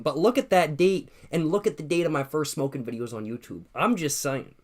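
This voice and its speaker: With a voice on the high side and a fairly quick delivery, a young guy hosts a laid-back livestream from his place, drink nearby. He reads out viewer comments, swears, uses slang, laughs a lot and says things twice.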